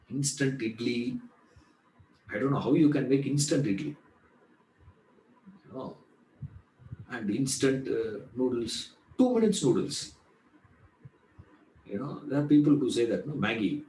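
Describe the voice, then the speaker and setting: Male teacher, mid-pitched, chatty lecture style, roomy echo. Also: measured pace, long pauses, dark tone. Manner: conversational, repeats "you know", asks rhetorical questions and answers them. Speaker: Vedanta teacher. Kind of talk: spoken class lecture.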